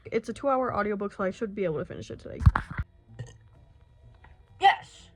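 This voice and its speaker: A woman's voice: mid-range voice, lively intonation, racing, heavy background noise. A young woman in her late teens talking to camera in a casual vlog, anxious and rambling, swearing often. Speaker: book vlogger.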